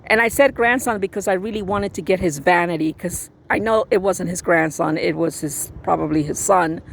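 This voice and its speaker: A woman telling a personal story in a blunt, sassy, animated way. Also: fairly low pitch, normal speed, vocal fry. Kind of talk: casual storytelling.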